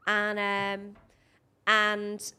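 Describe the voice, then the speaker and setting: A woman's voice: mid-range voice, completely flat delivery, very slow, bright, forceful tone, clear, resonant tone. A woman in her thirties from the UK, co-hosting a podcast and telling stories in a frank, confiding way. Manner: chatty storyteller, frank and confiding. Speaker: podcast co-host. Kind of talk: casual chat.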